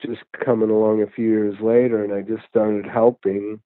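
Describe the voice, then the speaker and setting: A man in his fifties with a lowish voice talks down a tinny phone line, rambling through his story with plenty of restarts. The line is dry and narrow, like a call patched into a radio show. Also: little pitch movement, normal speed, no echo. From United States. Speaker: guest, addiction counselor and musician. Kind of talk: casual interview over phone.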